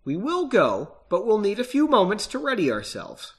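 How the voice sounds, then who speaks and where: A man with a stuffy nose voicing a calm, placating young man mage. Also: high-pitched, moderate pace, heavily acted.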